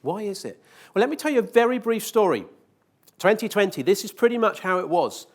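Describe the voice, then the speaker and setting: High-voiced man presenting jokingly. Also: very animated, brisk. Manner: jokey, teasing audience with rhetorical questions. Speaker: conference speaker. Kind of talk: live conference presentation. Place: conference hall.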